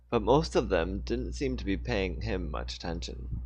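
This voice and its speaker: A man's voice: lowish voice, expressive, normal speed, no room sound. A man reading his own story aloud on a live stream, with casual asides and self-corrections. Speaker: author reading his book.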